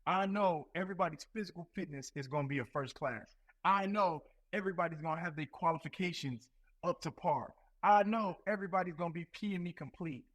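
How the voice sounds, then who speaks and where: A man in his thirties, a Marine recruiting leader and podcast guest, telling stories in a profane, animated way full of repetitions. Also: on the high side, brisk, poor audio. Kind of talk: casual podcast chat.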